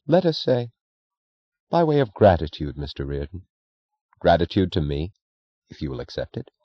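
A man voicing a composed young male aristocrat who speaks with calm, quiet composure, in an audiobook reading. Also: deep voice, moderate pace, dry recording. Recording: dry, dull lo-fi recording.

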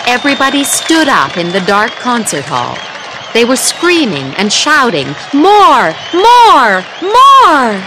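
A woman's voice: medium pitch, big pitch swings, normal speed, a crowd in the background, background noise. A woman reading a story aloud in a careful scripted narration style. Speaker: story reader.

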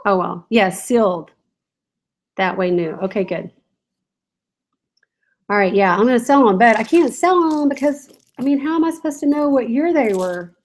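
A chatty woman with a slightly high voice, talking casually to viewers on a live stream from home. She giggles often and reads comments aloud as she goes. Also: animated, normal speed, long pauses, rough recording. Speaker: reseller vlogger. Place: home, in a room with barking dogs.

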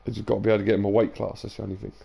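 Gravelly young man streaming, tired. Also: lowish voice, flat delivery, very fast, dark tone. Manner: loose, sweary banter to chat, drifting into sing-song and whispers. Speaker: game streamer. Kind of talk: live gameplay stream chatter.

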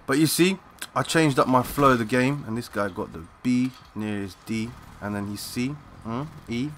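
Excitable young man narrating his gameplay. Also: mid-range voice, moderate pace, slight background noise. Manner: excitable, swears, talks to teammates in slang. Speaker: gaming channel host. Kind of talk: live gameplay commentary.

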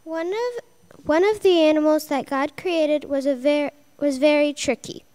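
Woman, high pitch, reading a children's Bible story at a family church service; lively storyteller. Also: unhurried. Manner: lively storyteller doing character voices.

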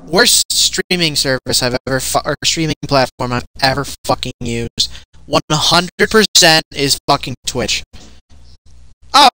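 Foul-mouthed, lively young woman gamer. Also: low voice. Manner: frustrated, swearing constantly, yelling at the game. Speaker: streamer playing a video game. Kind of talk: gaming let's play commentary.

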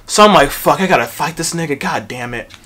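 A young man telling a storytime vlog, profane and animated, acting out quotes from the story. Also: fairly high pitch, brisk. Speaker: vlogger.

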